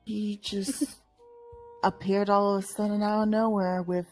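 A woman's voice: mid-range voice, flat delivery, a little slow, faint music behind, lightly acted. A woman playing a motherly older woman who dotes on a young hero and playfully pries into her friend's feelings, in a fan audio drama. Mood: tender, wistful. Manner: playfully prying, mock-stern.

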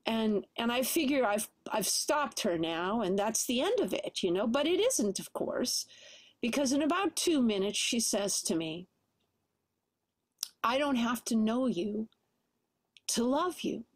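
A woman's voice: a little high, animated, a little slow, no echo. A middle-aged woman sharing a personal testimony at church, conversational and full of "you know" fillers. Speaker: church speaker.

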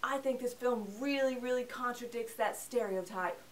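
A woman's voice: fairly high pitch, moderate pace, a crowd in the background. A young adult woman hosting a casual film review, chatty and sarcastic. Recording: voice a bit distant from the mic.

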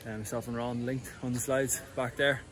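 A young man with an Irish accent talks casually to his camera, wandering off into asides and fillers. His voice sits in a middle pitch. Steady noise runs behind him throughout. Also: normal speed, poor audio. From Ireland. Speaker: rower vlogging his trip. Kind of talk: casual vlog chat. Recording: clear background noise.

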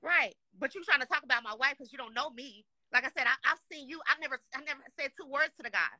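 A woman's voice: high-pitched, quick pace, bright, forceful tone, dry recording. A woman from Dallas, Texas, ranting angrily and swearing constantly on a live show, upset and heated, often saying "you know what I'm saying.". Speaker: guest complaining on a live show. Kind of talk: angry rant.

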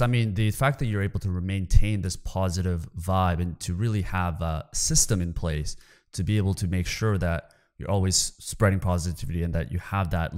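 A man's voice: sits low, darkish tone. A man hosting an interview, asking chatty questions with many fillers. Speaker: interview host. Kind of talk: conversational interview.

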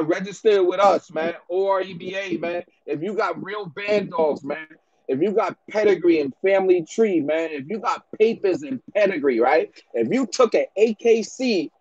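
A man with a high voice, captured on a muffled recording, breeds dogs and gives business advice in a casual rant to the camera. His delivery is slangy and repetitive, with lines often ending in "bro" and "man."

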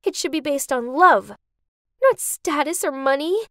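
A woman voicing Tracy, an earnest, principled young woman in an animated story. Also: high voice, unhurried, no room sound, studio quality, heavily acted. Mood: firm.

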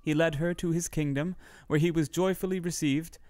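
This narrator, a man whose voice sits slightly high for his gender, reads a fairy tale aloud in an even, measured manner. It's a close, dry recording without any echo.

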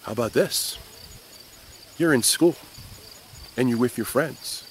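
A man teaching Sunday school, telling a Bible story to children in an animated way and checking in with them. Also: medium pitch, slow, a little hiss or hum. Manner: animated storyteller who keeps checking in with the kids.

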